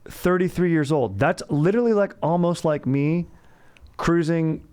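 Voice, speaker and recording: This podcast host has a fairly high, clear, resonant voice with a slightly mellow quality, and he speaks a little slowly. He tells stories on his comedy history show in a rambling, slangy style, laughing at his own jokes.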